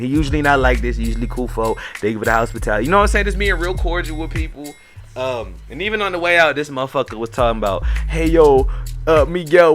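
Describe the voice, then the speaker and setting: A young man telling a wild party story in slangy, excitable story-time style, acting out the quoted lines. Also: mid-range voice.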